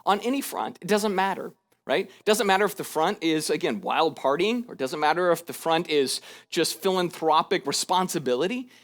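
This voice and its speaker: A man preaching a sermon as a pastor, in a conversational way that acts out scripture in lively paraphrase, with frequent rhetorical asides. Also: a little high, moderate pace.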